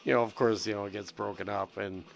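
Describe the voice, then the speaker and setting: A gravel-voiced middle-aged man on the low side spins loose, profane stories, full of restarts and filler words. Faint music plays behind him. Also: steady tone, fast. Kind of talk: rambling casual storytelling.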